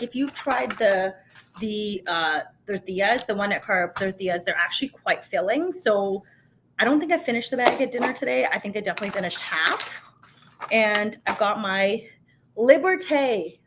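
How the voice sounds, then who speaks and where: A woman in her thirties hosting a live tasting stream, chatting casually with viewers in an animated, filler-heavy way. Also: mid-range voice, slight background noise. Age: 30s. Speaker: host of a tasting show.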